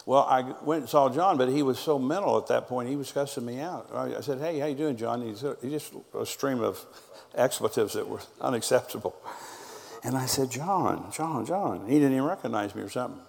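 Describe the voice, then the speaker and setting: A man's voice: mid-range voice, brisk, creaky, darkish tone, in a large hall. A middle-aged man, a pastor preaching a sermon and telling stories, quoting people's words back and forth. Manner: storytelling preacher, quoting others in conversation.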